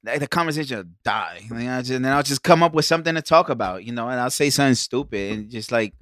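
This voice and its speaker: A young man on a casual podcast telling animated stories, acting out quotes and swearing a lot. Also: mid-range voice, quick pace, no echo, clean studio sound. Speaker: podcast co-host.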